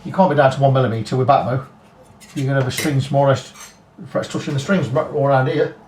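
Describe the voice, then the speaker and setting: A man's voice: medium pitch, fairly even intonation, quick pace, a little mellow, a little hiss or hum. A man working as a guitar repair technician, talking casually through a setup and thinking aloud with frank asides. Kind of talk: casual workshop demonstration. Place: guitar workshop. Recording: roomy workshop, mic at a distance, faint music.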